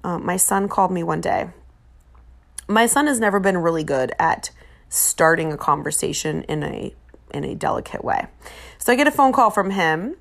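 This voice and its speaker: A podcast host in her 40s has a lowish, gravelly, somewhat bright voice and speaks at normal speed with animation. Her casual chat rambles, full of fillers and self-corrections.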